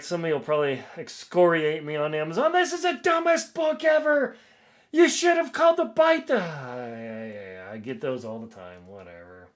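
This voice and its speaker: A man streaming live as he works, chatting casually, laughing, and thinking aloud. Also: mid-range voice. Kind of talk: casual live-stream chat while working.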